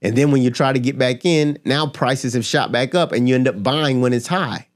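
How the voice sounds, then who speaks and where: A man's voice: medium pitch, normal speed. Emphatic man giving a motivational talk. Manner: emphatic, rhetorical questions, builds with repetition. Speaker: finance and motivation creator. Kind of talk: direct-to-camera motivational talk.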